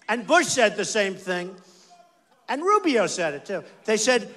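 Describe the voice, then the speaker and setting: A man's voice: sits high, very animated, a little slow, bright, forceful tone. Emphatic rambling older male stump speaker. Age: 60s. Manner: rambling, emphatic, repeats phrases, talks to the crowd. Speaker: political candidate. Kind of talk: campaign rally speech. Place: large rally venue.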